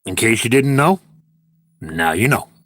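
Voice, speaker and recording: A man talks casually through a livestream while editing, narrating to himself and to viewers as he goes. His pitch swings widely, so the chat sounds lively and animated. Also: a little slow, dry recording, studio quality. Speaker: livestreaming video creator.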